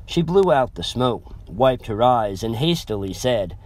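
A man's voice: medium pitch, big pitch swings, unhurried, a little mellow. A man narrating a first-person story in a chatty, rambling way with self-aware asides.

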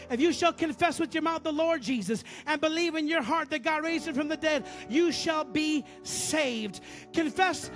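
A man preaching a sermon as pastor, repeating phrases and swinging between loud bursts and low murmurs.

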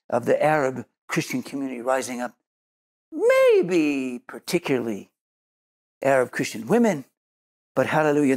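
An earnest man preaches a sermon, stopping to repeat words as he gathers his thoughts. His voice sits at an ordinary pitch for a man, and he closes in prayer. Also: darkish tone. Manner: earnest, repeats words while searching for them. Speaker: Messianic Jewish teacher.

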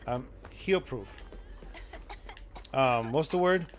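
A man streaming a live game, joking with chat and breaking into loud excited shouts. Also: medium pitch, slow pace. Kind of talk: live gameplay commentary.

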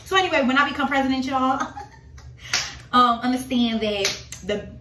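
Woman vlogging about faith, kinda high voice, dramatic and emphatic, echoey room. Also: moderate pace, sharp tone, a little hiss or hum. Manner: emphatic, dramatic, addresses viewers as y'all. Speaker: religious vlogger. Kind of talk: casual preaching to followers.

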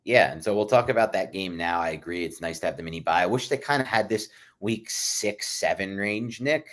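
A man's voice: sits low, lively intonation, fairly quick, fairly bright tone. A man co-hosting a football podcast, giving emphatic, opinionated analysis and often addressing his co-host by name. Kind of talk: sports analysis chat.

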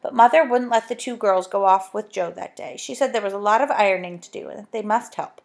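A woman reading a children's storybook aloud, gentle and chatty, with little asides to the listener. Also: medium pitch, a little fast, creaky. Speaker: narrator.

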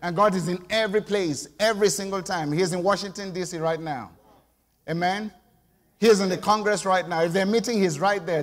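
A man's voice: high voice, fairly even intonation, a little fast. A middle-aged man preaching a conversational sermon in church, often calling for the congregation's response. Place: church sanctuary. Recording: long church reverb.

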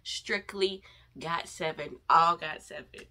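A woman speaking reacts to a music video, gushing and exclaiming at every moment. Her voice is bright and swings widely in pitch, while her pace stays unhurried. Faint music plays behind her. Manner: gushing, excitable, exclaims often.

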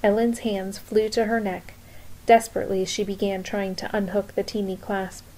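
A woman reading a novel aloud in a calm, measured storytelling voice. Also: mid-range voice, low-quality recording. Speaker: reader. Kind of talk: audiobook narration.

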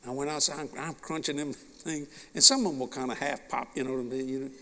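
A male preacher telling a personal story in a folksy, animated sermon style. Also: mid-range voice, fast talker, vocal fry. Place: large meeting hall. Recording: long reverb of a large hall.

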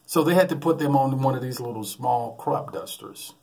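A man preaching in a lively storytelling way, chuckling between his lines. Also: medium pitch, normal speed. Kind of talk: sermon with a humorous anecdote.

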